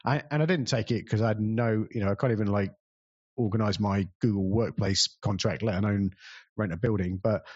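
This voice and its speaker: A man's voice: on the low side, brisk, husky, highs cut off. A man telling a rambling, self-deprecating story about organizing community events, full of fillers. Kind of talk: casual storytelling talk.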